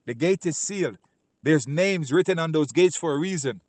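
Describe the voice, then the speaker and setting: A man's voice: a little high, expressive, no room sound. Emphatic man teaching scripture. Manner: emphatic, keeps asking "right?" and repeats himself; reads scripture slowly and loudly. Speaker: Bible teacher. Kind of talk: informal Bible teaching. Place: Canada.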